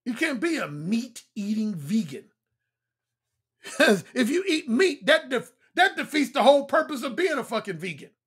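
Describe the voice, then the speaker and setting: A man in his fifties, a dating coach talking bluntly on a livestream, repeating his points and swinging between a high throaty tone and a deep resonant one. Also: very animated, moderate pace, fairly bright tone, breathy edge. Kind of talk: livestream talk.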